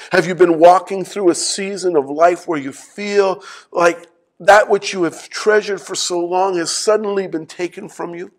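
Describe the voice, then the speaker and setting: A man delivers a sermon from the pulpit with a notably high-pitched voice. He retells a scripture passage and turns to the congregation with pointed rhetorical questions. Now and then he pauses to clear his throat. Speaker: pastor.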